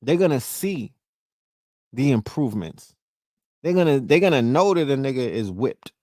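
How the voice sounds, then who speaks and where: A man's voice: mid-range voice, sing-song, normal speed, darkish tone, no room sound. A man hosting a podcast, talking in a loose, profane monologue and often checking in with "you know what I mean?". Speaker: podcast host. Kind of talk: casual monologue.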